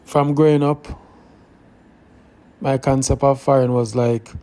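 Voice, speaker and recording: A man's voice: medium pitch, level tone, measured pace, mellow. A man with a Jamaican accent hosting a live stream, talking earnestly and directly to his viewers, thinking aloud. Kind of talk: casual live stream talk.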